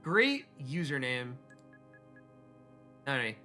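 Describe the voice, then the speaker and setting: A man streaming a video game, chatting casually and excitably with his viewers and joking around. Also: fairly high pitch, normal speed, faint music behind. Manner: excitable and jokey, reading chat aloud. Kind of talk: casual live-stream chat while gaming.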